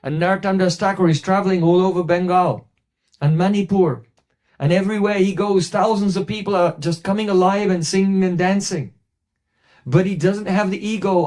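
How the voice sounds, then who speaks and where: A man giving a devotional talk, telling a story and quoting others in a lowered voice. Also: steady tone, normal speed, a little mellow. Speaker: spiritual teacher.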